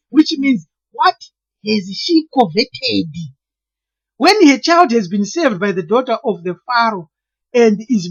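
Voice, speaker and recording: Husky woman explaining earnestly. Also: a little high, muffled recording. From Zimbabwe. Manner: earnest, deliberate, often stalls and restarts words. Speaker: lecturer on name meanings. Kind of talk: explanatory monologue.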